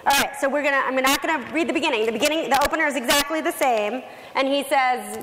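High-voiced woman presenting in a hall. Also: fast talker, fairly bright tone. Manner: reads role-play lines aloud, conversational. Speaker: workshop presenter. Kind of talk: presenting a negotiation workshop. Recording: faint noise in a long-reverb hall.

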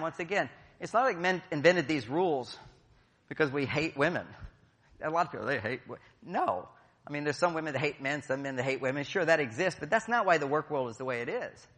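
A middle-aged man with a medium-pitched, fairly bright voice gives a playful, jokey conference talk to a live audience in a large hall, acting out quotes as he goes. The recording carries long hall reverb.

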